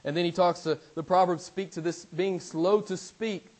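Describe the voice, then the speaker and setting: Preacher with dramatic loud-soft swings. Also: male voice, high voice, fairly even intonation, normal speed, rough recording. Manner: dramatic swings from loud emphasis to near-whispers; repeats key phrases for emphasis. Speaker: pastor. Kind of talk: sermon. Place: church pulpit.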